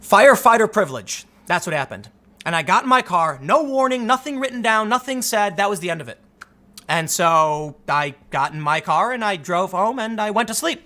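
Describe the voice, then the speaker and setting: A man with a high, bright voice tells a personal story in a loose, chatty monologue. He stays animated throughout and acts out the people in it as he goes. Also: moderate pace. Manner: animated retelling, acts out the dialogue. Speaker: vlog host.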